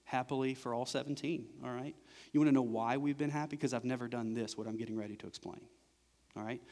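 A man's voice: mid-range voice, fairly even intonation, fast talker, dark tone. A middle-aged man preaching a sermon as pastor, building emphasis through repeated phrases. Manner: preaching with rising, emphatic repetition. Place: church sanctuary. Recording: church recording with long reverb.

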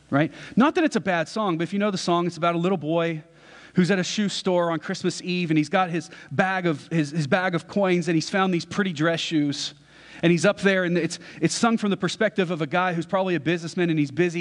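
A male pastor preaching a sermon with earnest conviction, now and then asking the congregation questions. His voice sits a little higher than most men's. It rings out with a long echo through a large hall.

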